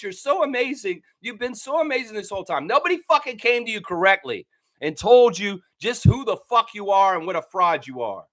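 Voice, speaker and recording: A man's voice: high-pitched, bright, forceful tone. A man from Canada hosting a basketball fan show, ranting angrily with plenty of swearing. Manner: angry, profane, heated ranting. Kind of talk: ranting commentary.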